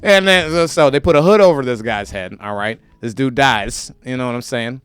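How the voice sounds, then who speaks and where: A man's voice: medium pitch, brisk, clear, resonant tone, no echo. A man hosting his own show, ranting animatedly to camera in a profane, comedic way and slipping into mocking voices. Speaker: show host.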